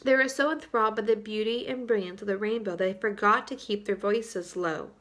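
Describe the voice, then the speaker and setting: A woman teacher reading a chapter book aloud to her third-grade class, expressive and clear, pausing to talk to the children. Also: mid-range voice. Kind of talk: storybook read-aloud for children. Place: home, for virtual school.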